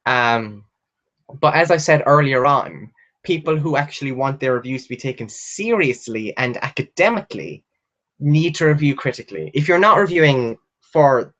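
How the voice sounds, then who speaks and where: Young male book vlogger, mid-pitched, loose and chatty, rambling enthusiasm with constant fillers and casual profanity. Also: lively intonation, normal speed, fairly bright tone, dull audio. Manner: rambling and gushing, with frequent "like" fillers and swearing; reads viewer comments aloud and answers them. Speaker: booktuber hosting a live stream. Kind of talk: casual live-stream chat.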